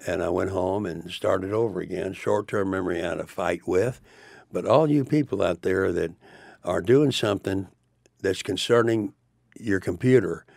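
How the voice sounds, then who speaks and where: A man's voice: low-pitched, gravelly, no room sound. An older man, a studio guest, rambling emphatically through his stories. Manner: rambling, emphatic, spiritual musings. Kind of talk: rambling studio interview talk. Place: radio studio.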